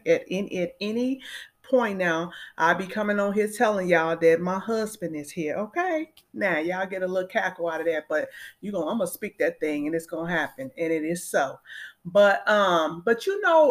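A woman in her fifties chatting casually to her viewers, addressing them directly and using lots of fillers. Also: mid-range voice. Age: 50s. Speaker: vlogger.

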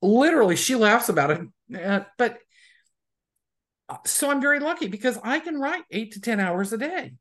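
A woman's voice: a little high, animated, normal speed. A woman author chatting in an interview, telling anecdotes and acting out the people she quotes. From USA. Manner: chatty storyteller who acts out quoted people. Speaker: romance author, guest. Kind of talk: casual interview chat.

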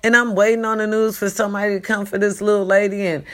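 A vlogger from California, this woman delivers an emphatic late-night monologue to her followers at home, repeating herself and calling out to them. Her voice is medium in pitch, flat, and fast.

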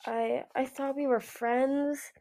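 A man's voice: very high-pitched, flat delivery, unhurried, a little mellow, voice pushed up. A woman reading aloud who voices a confused, eager male dragon veteran who stammers. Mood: stammering.

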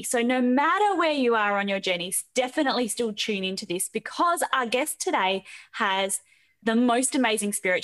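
A woman's voice: fairly high pitch, a bit bright. Blunt woman podcast host. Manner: blunt straight shooter who swears freely. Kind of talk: scripted intro then casual interview chat.

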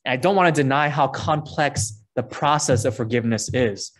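A man's voice: medium pitch, normal speed. A man preaching a sermon, earnest and conversational, reading scripture verses aloud between his points. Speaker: pastor.

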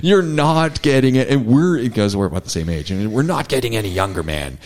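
A middle-aged man from Canada chatting casually as co-host, telling stories with lively acted-out voices and frequent laughs. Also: brisk. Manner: animated storyteller, acts out others' lines with big pitch jumps, laughs often. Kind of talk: casual chat.

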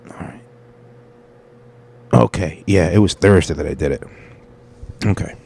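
Low-voiced man rambling through a story. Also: a little slow, gravelly, darkish tone, husky. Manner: rambling, profane, quotes people in his stories. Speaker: podcast host and stand-up comic. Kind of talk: casual storytelling monologue.

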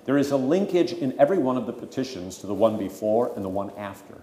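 A man's voice: medium pitch, lively intonation, quick pace, warm tone, slight background noise. A pastor teaching the catechism to his congregation, stressing key words for emphasis and breaking off for folksy asides. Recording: echoey hall with long reverb.

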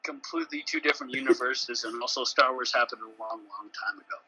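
A man co-hosting a casual podcast chat, animated and laughing, often slipping into mocking voices. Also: mid-range voice, quick pace, vocal fry, slightly rough, low-quality recording. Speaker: podcast co-host.

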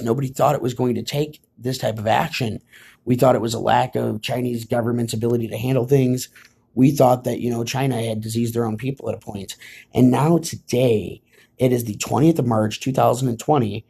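A man's voice: medium pitch, steady tone, brisk, vocal fry, darkish tone, husky. A man hosting his own political commentary show, sounding tired and talking urgently to his viewers, often calling them "guys". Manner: urgent, repetitive addresses to "guys". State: tired, yawning.

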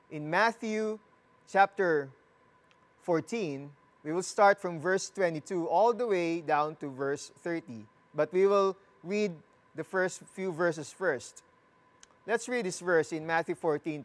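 This sermon, which includes scripture reading, comes from a middle-pitched preacher speaking slowly and steadily. Repeated phrases run through it, and the listeners are asked questions and teased in a light, joking way.

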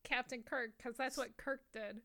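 Woman, podcast co-host, casual chat, giggly, animated, swears a lot, slightly high voice. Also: moderate pace, vocal fry.

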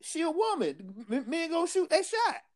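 A man's voice: very high voice, sing-song, normal speed. A man co-hosting a podcast in casual chat, talking emphatically in street slang and laughing often, like he's preaching to a friend. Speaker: podcast co-host.

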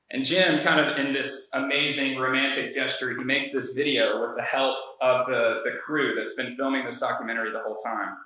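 A man's voice: medium pitch, fairly even intonation, normal speed, few pauses, pushed and bright. A young man giving a casual, conversational sermon, telling a story with many fillers. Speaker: preacher. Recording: very echoey room.

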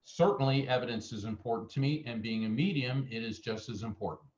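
A man's voice: medium pitch, a little fast, dull audio. An American man, a guest medium, telling anecdotes in an interview and acting out the people he quotes. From United States. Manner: animated anecdotal storyteller, acts out quotes. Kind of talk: interview storytelling.

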